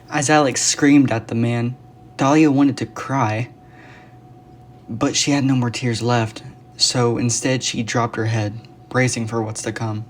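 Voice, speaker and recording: A storyteller narrating a dark fantasy tale in an earnest, even manner. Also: medium pitch, a little slow.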